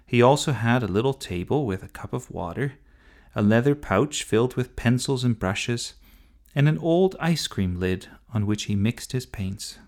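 A man reading a children's story aloud in a gentle, expressive manner. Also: medium pitch.

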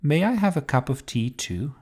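A man's voice: fairly high pitch, sing-song, moderate pace, darkish tone, breathy edge, pitched above the performer's own voice. A man voicing a polite, deferential butler in a children's story, speaking formally.

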